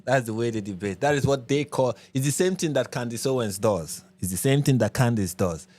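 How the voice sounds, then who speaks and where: A man's voice: mid-range voice, expressive, fairly quick, darkish tone. Man hosting an emphatic commentary. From Nigeria. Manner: repetitive, emphatic explaining. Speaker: commentary channel host. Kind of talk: reaction commentary.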